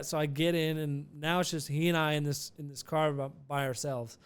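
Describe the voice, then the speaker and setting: A man's voice: a little high, fairly even intonation, moderate pace, hardly any pauses, clear, resonant tone. A man telling a casual, rambling vlog story with many restarts and some profanity.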